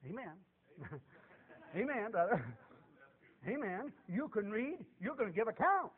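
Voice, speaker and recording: A man preaching a folksy, emphatic sermon in a church, swinging between shouts and hushed tones. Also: high voice, sing-song, a little slow. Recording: tinny phone-like recording.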